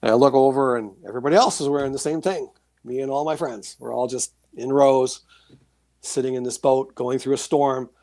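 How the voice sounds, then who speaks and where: Male guest, gravelly, animated storyteller, dry close sound. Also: medium pitch, fairly quick, no room sound. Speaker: guest, author and paranormal experiencer. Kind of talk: storytelling in a casual interview.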